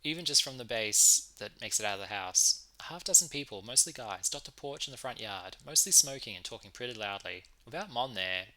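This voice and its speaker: A man's voice: mid-range voice, animated, a little fast, hardly any pauses, sharp tone, rough recording. A man playing through a narrative game, reading the text aloud and breaking off for chatty asides. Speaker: let's play streamer. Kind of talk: reading a visual novel aloud with commentary.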